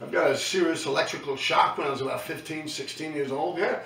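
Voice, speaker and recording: A middle-aged man with a New York accent tells stories in a loose, profane monologue full of slang. His voice sits a bit high and sounds bright and tense. He is some distance from the mic in an echoey room. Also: steady tone, quick pace, vocal fry, a little hiss or hum. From New York City. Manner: profane, slangy, keeps tagging lines with "man". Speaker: host recounting his graffiti days. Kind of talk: casual storytelling monologue.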